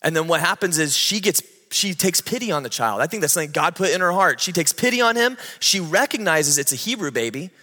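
A man in his thirties preaching a sermon, telling the story with animated energy and acting out the people in it. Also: on the high side, a little fast, hardly any pauses. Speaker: pastor. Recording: long hall reverb.

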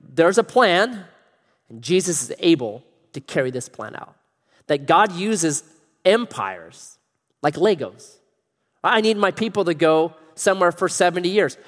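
A middle-aged man preaching a sermon as pastor, animated and joking, acting out quotes in other voices. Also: fairly high pitch. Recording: long reverb of a large hall.

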